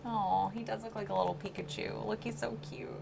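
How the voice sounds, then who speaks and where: A woman co-hosting a casual hobby chat, teasing playfully with quick jokes and laughs. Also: medium pitch, fairly even intonation, creaky, a little mellow, husky. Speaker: co-host.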